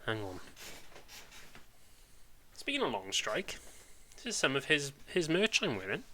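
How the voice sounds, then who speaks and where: A man's voice: a little high, wildly swooping pitch, normal speed, pushed and bright, slight background noise. A man with a Welsh accent, chatting casually and rambling on a live stream, full of British slang.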